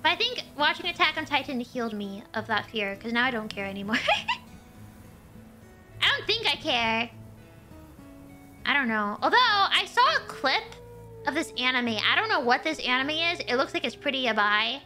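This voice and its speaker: Woman streamer, high bright voice, animated chatty delivery, faint game music behind. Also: normal speed, pauses often. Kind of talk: casual gameplay chat.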